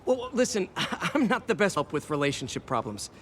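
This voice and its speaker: A man's voice: sits high, sing-song, slight background noise. An actor playing a young masked superhero who jokes as he works, in a video game. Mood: joking. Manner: quick, wisecracking. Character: young male masked superhero, joking and upbeat. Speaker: game character. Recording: game audio under loud music.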